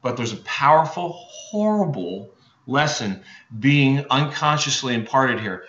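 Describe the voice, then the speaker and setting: An energetic male motivational speaker drives his points home with crisp, bright emphasis. The sound is roomy and a little dull, like a lo-fi recording in an echoey space. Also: medium pitch, a little slow. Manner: energetic, emphatic, with many checking "right?" and "okay?" asides. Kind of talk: motivational talk to an audience.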